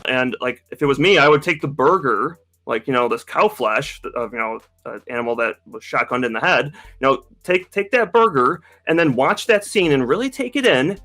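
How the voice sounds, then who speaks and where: Bright-voiced sarcastic man. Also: medium pitch, animated, moderate pace, few pauses. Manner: sarcastic, mocking. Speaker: YouTube host. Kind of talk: casual chat.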